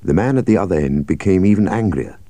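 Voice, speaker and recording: Deep-voiced male audiobook narrator. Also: dry recording. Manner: measured, expressive reading. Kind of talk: scripted story narration.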